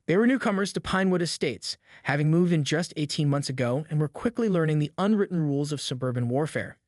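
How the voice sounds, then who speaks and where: A man's voice: fairly high pitch, animated, quick pace, no room sound, clean studio sound. A man narrating a dramatic scripted story about a neighborhood dispute.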